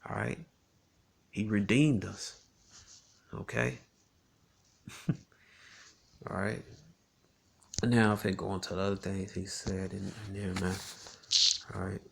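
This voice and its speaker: A man teaching scripture in a relaxed, conversational way. He often ends phrases with "man" and "all right" and reads verses slowly, with frequent chuckles between lines. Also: low voice, vocal fry, slight background noise. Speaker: Bible teacher.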